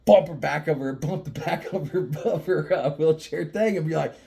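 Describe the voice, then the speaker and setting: A man's voice: a little high, moderate pace, creaky, dark tone. A man talking in a casual, rambling monologue, joking and cursing a lot and often laughing as he goes. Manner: rambling with frequent restarts and fillers. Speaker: vlogger.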